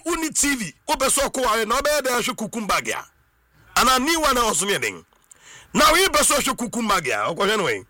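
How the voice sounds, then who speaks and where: A Ghanaian man talks in a very high, piercing voice, mixing Twi and English. His delivery is excitable and swings all over, with sudden shouts and sing-song stretches. The sound is close and completely dry. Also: fairly quick, no echo.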